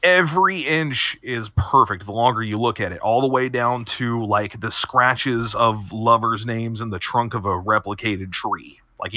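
Guy game master narrating, bright voice, kinda low, dry close mic. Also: no room sound. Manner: descriptive, many fillers, laughs often. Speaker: game master and podcast host.

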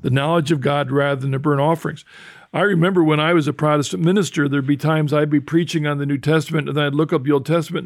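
Man, an older host with a gravelly voice, explaining scripture. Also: on the high side, steady tone, dry recording, studio quality. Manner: thoughtful, explains with restarts and quotes scripture slowly. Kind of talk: conversational teaching talk.

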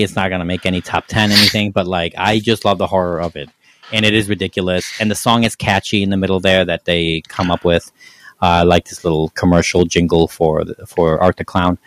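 A man with a low voice talks through a film review in a loose, casual way. He circles his points with restarts and fillers. The sound is close and dry. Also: steady tone, fairly quick, fairly bright tone, no echo. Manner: rambling, frequent restarts and fillers. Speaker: podcast co-host. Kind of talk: casual movie review chat.

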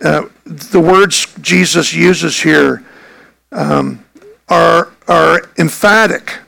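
Gravelly-voiced man preaching slowly. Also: a little high, pushed and bright, rough recording. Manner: earnest, emphatic preaching with restarts. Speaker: pastor. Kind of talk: sermon.

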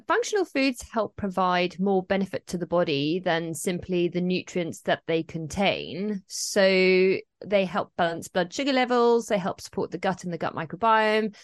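Low-voiced woman, composed nutritionist. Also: dry recording, clean studio sound. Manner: composed, explanatory. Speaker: nutritionist guest. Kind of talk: interview answers.

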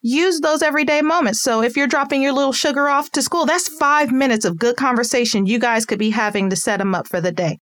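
A talkative mother shares parenting advice in a relaxed, chatty way, breaking into easy laughs. Her voice sits a little on the high side. The recording is close and dry, with no room sound. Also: fast, hardly any pauses, no echo. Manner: chatty, laughs easily, acts out little scenes. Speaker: parent giving parenting tips. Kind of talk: casual advice talk.

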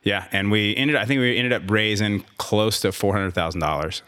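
A man with a very low, deep voice tells a long personal story in a casual interview. He rambles, restarts his sentences and slips in sarcastic asides. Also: normal speed, fairly bright tone, clear, resonant tone. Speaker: guest, gym owner and trainer.

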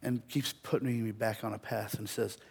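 A man preaching a sermon, telling a story and building to loud, emphatic peaks. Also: on the low side, steady tone, normal speed, creaky.

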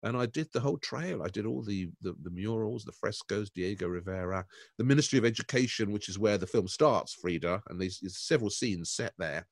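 An older man in casual critical chat, digressing and laughing as he goes. His pitch swings widely and he sounds close, with no room around him. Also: animated, fairly quick, gravelly, no room sound. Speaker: art critic, podcast co-host.

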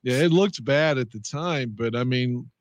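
A man's voice: mid-range voice, a little slow, no room sound. A man co-hosting a casual sports podcast, talking through games in a wry, conversational way. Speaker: podcast co-host.

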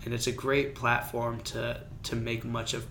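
A man co-hosting a casual theology podcast, speaking quietly and laid-back, laughing often. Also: medium pitch, little pitch movement, measured pace, slight background noise. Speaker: podcast co-host. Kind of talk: casual chat.

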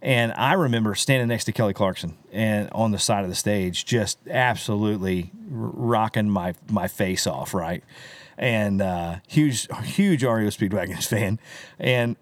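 A man with a fairly low voice tells rambling, animated stories in a casual podcast chat, tossing in "dude" and "right?" as he goes. The recording is close and dry, with no room sound. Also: a little slow, dry recording. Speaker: country singer telling stories.

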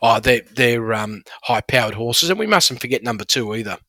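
A man's voice: mid-range voice, animated, normal speed, sharp tone, no room sound. A man, breaking down horse racing form with enthusiastic, emphatic analysis. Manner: enthusiastic, emphatic about figures.

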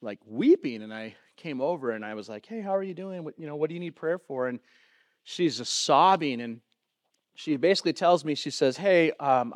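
A man's voice: fairly high pitch, no echo, clean studio sound. A man preaching a sermon as pastor in a loose, conversational way, full of fillers and questions to the room.

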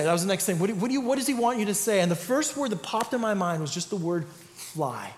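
A middle-aged man preaching a sermon as pastor, telling stories in a conversational, animated way. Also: high-pitched, quick pace, a little hiss or hum. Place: church sanctuary. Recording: echoey church hall.

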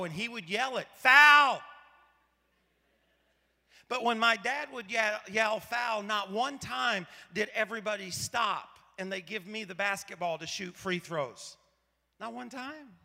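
Man, pastor, sermon, gravelly, sharp tone, conversational storytelling. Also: sits high, long reverb tail. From Arkansas, USA. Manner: conversational storytelling with rhetorical questions.

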